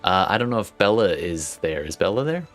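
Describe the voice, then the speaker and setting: Very deep-voiced man running a tabletop game. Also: sing-song, a bit bright, soft background music. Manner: halting, descriptive, full of fillers. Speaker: game master.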